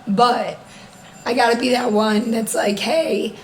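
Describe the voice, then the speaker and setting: A young woman with a slightly high voice co-hosts a casual podcast with her sister. She tells everyday stories with animated energy and laughs often. A faint noise sits under the recording. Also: rough recording. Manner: animated storytelling, quick laughs. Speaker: podcast co-host.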